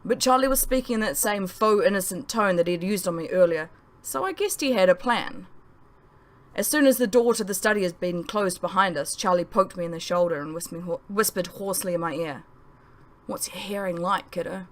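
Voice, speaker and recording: A woman author narrating her novel in the first person, expressive and story-driven. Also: fairly low pitch, brisk. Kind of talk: audiobook narration.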